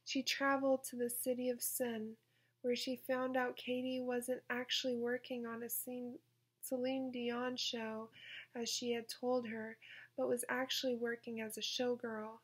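Woman storyteller, deadpan reading, slow, husky, slightly high voice. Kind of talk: reading her own short story aloud.

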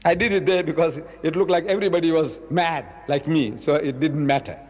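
A man's voice: a little high, fairly even intonation, brisk. A man gives a dramatic public lecture, acting out dialogues and firing rhetorical questions. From South Africa. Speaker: Islamic lecturer. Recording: reverberant lecture hall.

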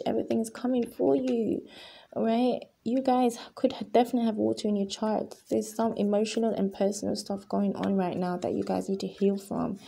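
A woman leads a pick-a-card tarot reading with a mellow, husky voice that often drops into gravelly fry. She talks earnestly and emotionally, and hammers her points home by repeating them. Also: mid-range voice. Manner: emphatic and repetitive, often addressing viewers as guys. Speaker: tarot reader.

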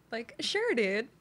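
A young woman with a fairly bright, higher-pitched voice streams a video game from home in casual commentary. She chats playfully with her pet and her viewers, joking with mock aggression.

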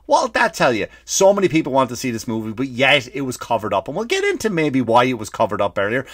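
An Irish man hosting a comedy podcast, ranting and swearing freely, breaking into loud acted-out bursts. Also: medium pitch, wildly swooping pitch, quick pace, no echo. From Ireland. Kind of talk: comedic rant.

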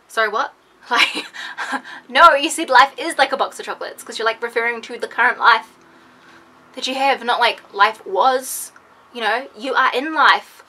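A young woman chatting excitedly to her viewers in a casual vlog, full of "like" and quick asides. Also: a little high. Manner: excitable, animated, lots of "like". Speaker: beauty vlogger.

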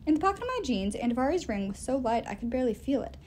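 A woman reading a novel aloud in an expressive, animated storytelling way. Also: high voice, fast talker, slight background noise. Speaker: reader.

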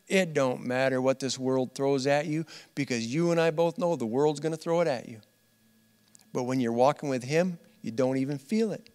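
In a large church hall, a pastor with a fairly high voice delivers a conversational sermon. He's earnest and laughs often, repeats phrases, and swings between loud, emphatic lines and quiet asides.

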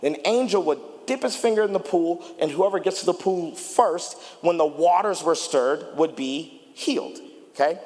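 A male pastor preaching a sermon, chatty with the congregation and rising into shouted appeals. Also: medium pitch. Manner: animated preaching, building to shouts, banters with congregation. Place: church sanctuary. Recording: long reverb of a large church hall.

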